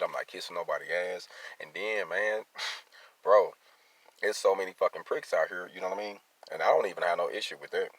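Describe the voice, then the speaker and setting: An angry man vents in a vlog about his job as a traveling field welder, using blunt, profane, heated street talk. His voice is deep and slightly rough, and the recording is dry.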